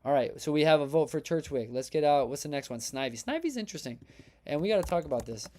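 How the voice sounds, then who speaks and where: A man hosting a casual live stream, talking to his chat with lively, upbeat energy. His voice sits a little high but has a warm, mellow tone. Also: fast. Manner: energetic, chatty, reads chat aloud and hypes votes. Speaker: livestream host.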